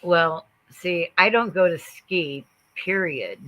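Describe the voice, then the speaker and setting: A woman speaks on a casual gossip panel. She delivers firm, disapproving remarks in a steady conversational way. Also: lowish voice, slow pace, rough recording.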